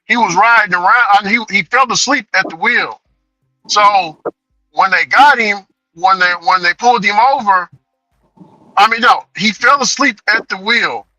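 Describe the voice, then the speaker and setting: A man's voice: high-pitched, moderate pace, soft background music, rough recording. A man telling a story in casual chat as a delivery driver vlogger, laughing often. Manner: laughing, animated retelling.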